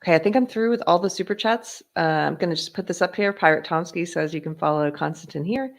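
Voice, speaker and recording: Low-voiced woman hosting a live show. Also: fast talker. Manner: conversational, thinking aloud with fillers. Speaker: host. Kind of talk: live show chat, reading viewer comments.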